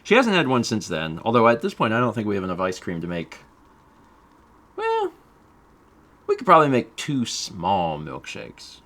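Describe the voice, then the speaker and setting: A man's voice: fairly low pitch, huge pitch swings, normal speed, pauses often, fairly bright tone. A man chatting casually on a game stream, rambling and amused, with frequent fillers and asides.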